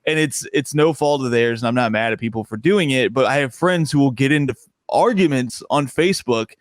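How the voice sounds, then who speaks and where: On a casual podcast interview, a young guest trades funny stories, laughing often in quick bursts, his voice leaping upward when he gets excited. The sound is close and dry, with no room sound.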